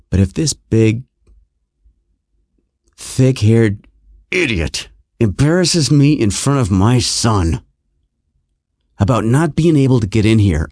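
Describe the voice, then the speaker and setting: A middle-aged man hosting a podcast, telling a comic story in an exasperated, animated, self-mocking way. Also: medium pitch, slow, long pauses, dry recording, clean studio sound.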